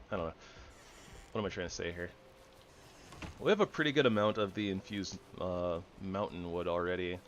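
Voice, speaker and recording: Low-voiced man rambling through a game. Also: slight background noise. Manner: rambling, self-correcting, relaxed. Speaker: gamer. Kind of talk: casual gameplay commentary.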